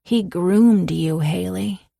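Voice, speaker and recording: A woman voicing a protective young woman friend in an audiobook, speaking firmly, quietly and coldly. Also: medium pitch, takes it slowly, gravelly, breathy edge, no room sound, studio quality, heavily acted. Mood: cold fury. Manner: firm, quiet and cold. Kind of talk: audiobook character voice.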